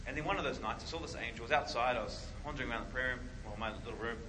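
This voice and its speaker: Male preacher, bright forceful voice, animated storyteller who acts out quotes. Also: medium pitch, racing, slight background noise, rough recording. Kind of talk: sermon.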